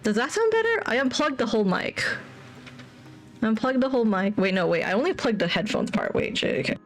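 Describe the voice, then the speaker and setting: A woman's voice: a little high, big pitch swings, fairly quick, soft background music. Rambling young woman streamer. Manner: rambling, repeats herself. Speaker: livestreamer. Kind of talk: casual stream chat.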